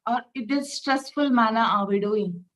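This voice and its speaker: A woman, leading a spiritual reflection talk through gentle, repeated rhetorical questions. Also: fairly high pitch, normal speed, poor audio. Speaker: spiritual teacher.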